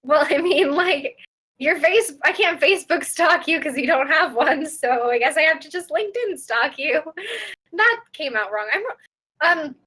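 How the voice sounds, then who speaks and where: A woman's voice: high voice, animated, unhurried, sharp tone, full character voice. A woman voicing Laura, a nervous young woman on an awkward dinner date, hesitant and giggly. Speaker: player voicing her character. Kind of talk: improvised tabletop role-play.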